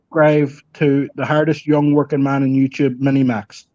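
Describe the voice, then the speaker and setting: A man's voice: medium pitch, level tone, moderate pace, a little mellow, dry recording. A man from Ireland chatting in an easygoing, laid-back way on a livestream. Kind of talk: casual chat. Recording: dry, dull lo-fi stream audio.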